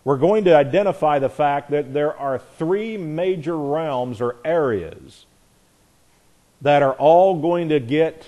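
A man's voice: on the high side, warm tone. A man teaching a Bible class in an earnest, emphatic way, piling up repeated phrases and often correcting himself mid-sentence. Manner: frequent restarts and self-corrections.

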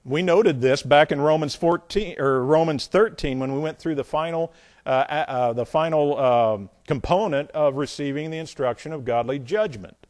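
A man, a pastor, teaches a Bible lesson emphatically, repeating phrases and shifting between loud points and quiet asides. His voice is a little high, his pace moderate, and the clean studio sound has no room tone.

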